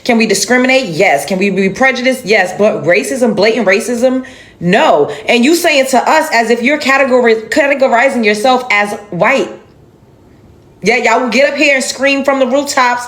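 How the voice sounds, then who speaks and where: A woman's voice: fairly high pitch, expressive, moderate pace. A woman giving an emphatic, indignant reaction commentary on a video clip, with exasperated sighs.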